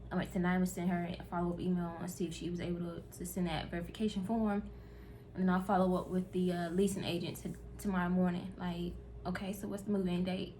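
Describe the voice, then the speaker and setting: A woman's voice: fairly low pitch, slight background noise. Chatty woman vlogging straight to camera. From North Carolina. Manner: chatty, candid, talks to viewers directly. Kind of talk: casual vlog chat.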